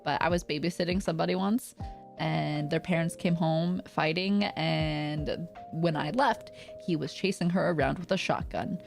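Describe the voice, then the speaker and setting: A woman's voice: deep voice, steady tone, moderate pace, creaky, soft background music. A woman streamer telling stories in casual chat, rambling with lots of fillers and frequent laughter.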